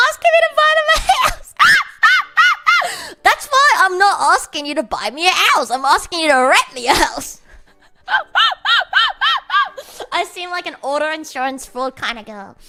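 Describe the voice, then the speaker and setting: A woman's voice: high voice, sharp tone. A young woman streamer in casual chat, playful and giggly, rambling through absurd jokes. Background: faint music.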